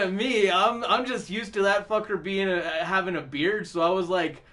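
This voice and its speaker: Laughing, swearing man with a high voice. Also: moderate pace, sharp tone. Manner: laughs often, swears a lot, tells rambling stories. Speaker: music stream host. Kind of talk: casual chat.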